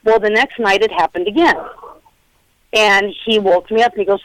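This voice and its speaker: A middle-aged woman who investigates the paranormal tells stories over a phone line in a casual interview. She's chatty and animated, acting out the quotes, with a mid-range voice at normal speed and no echo.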